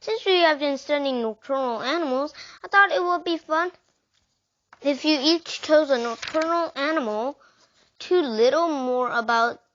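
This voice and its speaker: Brief: woman voicing a patient but firm teacher in a storybook, high voice. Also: measured pace, a bit bright. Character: patient female schoolteacher, firm but kind. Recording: dull lo-fi recording.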